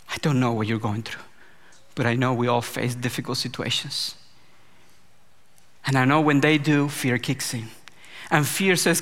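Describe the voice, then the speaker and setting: A man's voice: mid-range voice, fairly even intonation, moderate pace, pauses often. Impassioned man preaching in an echoing hall. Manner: impassioned, rising to emphatic peaks, then dropping soft. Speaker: pastor. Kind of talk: sermon.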